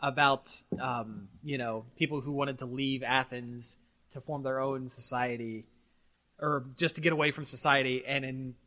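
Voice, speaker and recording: A man hosting a casual podcast chat, animated and often stumbling and repeating his words. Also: medium pitch, moderate pace. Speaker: podcast host.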